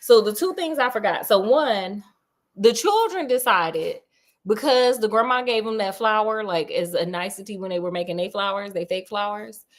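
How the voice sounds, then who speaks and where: A woman's voice: medium pitch, normal speed. A woman retelling a novel in a sassy, casual chat, speaking straight to her listeners and acting out the characters. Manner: sassy, animated, talks to listeners as "girl" and "honey", acts out the characters. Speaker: storyteller host. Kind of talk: casual chatty book retelling.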